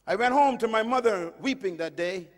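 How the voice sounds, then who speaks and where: A middle-aged man from the Caribbean preaching a sermon, emphatic, swinging between loud declarations and hushed, low passages. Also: lively intonation, normal speed. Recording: long hall reverb.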